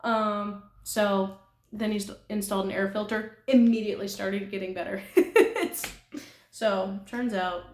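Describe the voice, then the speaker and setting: In an echoey apartment room, a young woman from California who vlogs about nail art chats loosely with viewers, full of giggles and self-deprecating remarks. Her voice is medium-pitched and steady, her pace measured.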